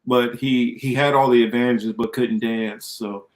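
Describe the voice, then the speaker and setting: A man's voice: mid-range voice, fairly even intonation, measured pace, a little hiss or hum. A man co-hosting a political podcast, talking in a loose, rambling way and reading viewer comments aloud. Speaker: co-host. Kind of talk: casual political podcast chat.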